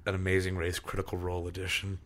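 A man's voice: sits low, completely flat delivery, fast talker, fairly bright tone. A young adult man co-hosting a podcast, chatting eagerly with friends and rambling in casual, profane banter. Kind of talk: casual chat.

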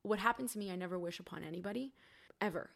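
A woman's voice: fairly low pitch, rapid-fire, gravelly. A young woman, a podcast guest, telling her story in a candid, casual way, swearing freely and saying "like" a lot. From Cuban family.

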